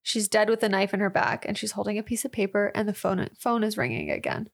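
A woman's voice: medium pitch, sing-song, quick pace, gravelly. A young woman co-hosting a podcast, casually recapping an old film and admitting what confused her. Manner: easygoing, candid about her confusion, recaps the plot. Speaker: podcast co-host.

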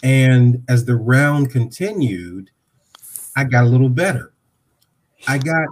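A man in his sixties from Ohio, a podcast guest telling a story and acting out the dialogue with lively voices. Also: medium pitch, moderate pace, pauses often. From Dayton, Ohio.

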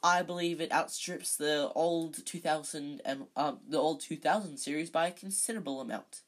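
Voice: medium pitch, normal speed, close to an everyday voice. A reader voicing a boastful older teenage team captain who talks carelessly, in a fan storybook reading.

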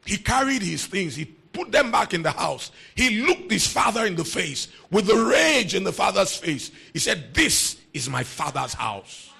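A man preaching a sermon, emphatic and repeating key phrases, swinging between quiet talk and shouting. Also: high-pitched, sing-song, normal speed, gravelly, hardly any pauses, breathy edge. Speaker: pastor.

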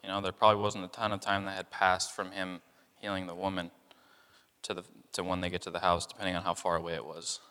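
A man's voice: deep voice, level tone, fast, pushed and bright, clean tone, in a large hall. A young man giving a casual, conversational sermon, full of fillers and acting out people's reactions. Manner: conversational, many fillers, acts out voices of people in the story. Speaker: preacher.

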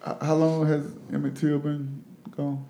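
A man's voice: a little high, level tone, unhurried, dark tone. A man in a casual chat retelling a story, often checking in with "right?". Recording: echoey room.

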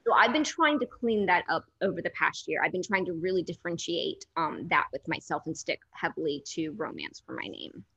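A woman's voice: fairly low pitch, expressive, fairly quick, creaky, few pauses, pushed and bright, husky, muffled recording. Candid, self-deprecating woman. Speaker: author guest. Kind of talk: casual chat.

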